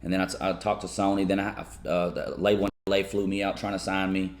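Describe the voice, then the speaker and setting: Loud, profane Kentucky man telling stories. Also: low-pitched, fast. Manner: animated, profane, laughs through stories. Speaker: guest. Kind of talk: casual storytelling.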